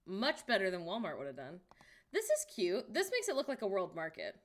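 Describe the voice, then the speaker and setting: A woman's voice: medium pitch, wildly swooping pitch, brisk. Girl streaming n browsing, wry little comments, voice bounces up n down a lot. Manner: chatty, wry, reacts out loud to what she sees. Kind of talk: casual chat while browsing online.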